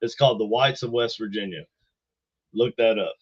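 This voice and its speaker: Laid-back American podcast host, dude-talk. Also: male voice, on the low side, normal speed, slightly rough, dry recording. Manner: laid-back, trails off, uses bro and dude. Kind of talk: casual podcast chat. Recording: slightly dull, dry sound.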